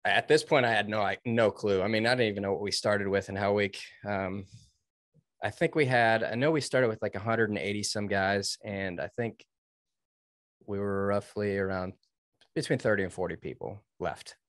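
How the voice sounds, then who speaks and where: Speaking at a normal speed, this thirty-something Navy veteran tells a personal story as an interview guest, earnest and emphatic, often quoting himself and others. His voice sits fairly low with a slightly bright tone, captured cleanly in a studio with no echo.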